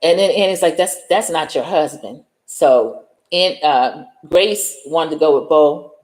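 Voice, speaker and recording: A woman's voice: sits low, measured pace, a little mellow. A woman with a New York accent retelling a movie scene by scene in casual chat, acting out the characters' lines as she goes. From United States. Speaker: host. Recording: echoey room.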